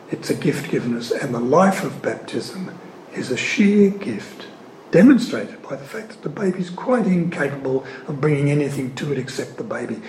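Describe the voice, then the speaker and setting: A man giving an earnest, emphatic sermon-style teaching on scripture. He leans hard on key words and pauses often. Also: medium pitch, background noise. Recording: echoey room.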